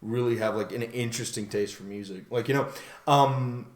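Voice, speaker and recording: An easygoing man hosting a casual podcast, chatty and quick to laugh. His voice sits at an average pitch and has a roomy echo around it. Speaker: podcast host. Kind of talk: casual chat.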